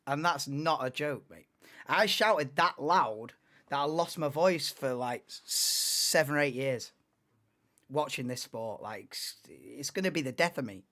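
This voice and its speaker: A man in his late twenties, hosting a live race watchalong in an excitable, rambling, chatty way. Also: medium pitch, unhurried. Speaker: livestream host.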